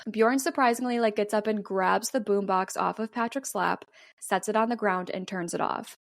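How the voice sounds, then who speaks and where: A young woman co-hosting a podcast, casually retelling a film's plot and acting out the characters' lines with lively shifts in pitch. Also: moderate pace, gravelly, dry recording, studio quality. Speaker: podcast co-host retelling a film. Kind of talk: casual storytelling chat.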